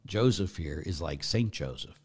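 A middle-aged priest with a fairly low voice talks through a point of faith like a chat rather than a formal sermon. He wanders off on tangents and keeps checking in with his listeners through quick rhetorical questions. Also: lively intonation, a little mellow. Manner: rambling, goes off on tangents, asks listeners rhetorical asides. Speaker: Catholic priest. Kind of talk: conversational teaching on faith.

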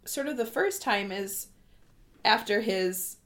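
A woman with a bright, clear voice at a middling pitch talks excitedly in a casual chat. She gushes, swears freely and breaks into read-aloud passages as a co-host. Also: slow. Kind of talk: casual book discussion chat.

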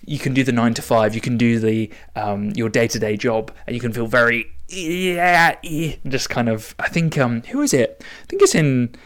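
A young man hosting a solo podcast. He talks casually in a rambling way, restarting often, with an excited edge. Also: medium pitch, moderate pace, few pauses. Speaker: podcast host.

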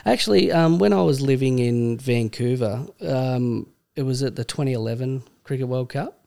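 A man's voice: medium pitch, normal speed, vocal fry, mellow. An Australian man co-hosting a sports podcast, chatting bluntly with swearing and laddish banter. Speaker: podcast co-host. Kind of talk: casual sports chat.

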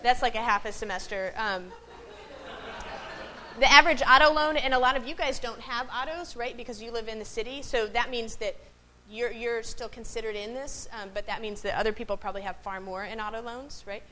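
A woman's voice: a little high, fairly quick, pushed and bright, slight background noise, poor audio. A woman pastor gives a conversational sermon to a congregation in a worship space. She often asks the room questions and checks in with "right?" between points.

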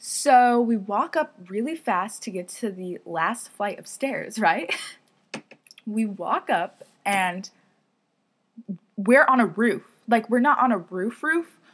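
This young woman's podcast storytelling is casual and chatty, full of giggles, laughs, and "like" fillers. She speaks slowly in a mid-range, fairly bright voice with lively intonation.

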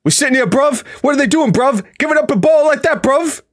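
A man putting on a voice as an excitable young London lad, rapid and full of street slang. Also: extremely high pitch, pitched above the performer's own voice. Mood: indignant.

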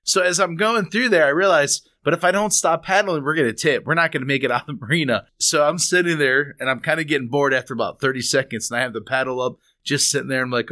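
A man hosting a podcast, telling a funny story in a lively, laughing way. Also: fairly high pitch, quick pace, hardly any pauses. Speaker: podcast host.

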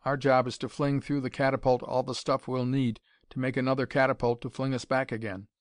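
A man's voice: medium pitch, flat delivery, brisk, no echo, close to an everyday voice. A man reading as a dry, cocksure young inventor. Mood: dry wry. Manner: dry, wry delivery. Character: young male inventor, dry, bold and confident.

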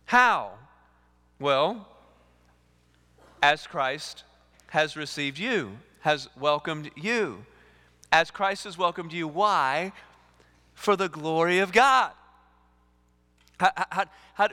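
A male lead pastor, preaching a sermon in an animated way, repeating words and acting out dialogue. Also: high-pitched, slow pace, pauses often. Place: church sanctuary. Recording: reverberant church hall.

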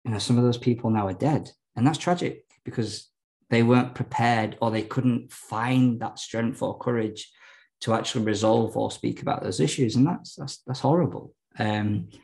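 A man's voice: medium pitch, moderate pace, creaky, darkish tone, rough recording. A man, a podcast guest telling his story candidly, rambling with lots of fillers and restarts.

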